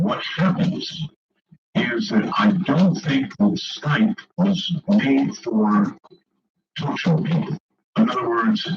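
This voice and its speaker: Lively radio host man, lo-fi broadcast. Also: on the low side. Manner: chatty, wry, easily amused. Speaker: radio talk show host. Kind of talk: late-night call-in radio chat.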